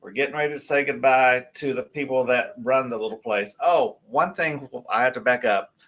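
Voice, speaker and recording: A man tells a long story as a show guest. He rambles and restarts, animated and lively as he goes. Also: medium pitch, normal speed. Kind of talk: casual storytelling on a live show.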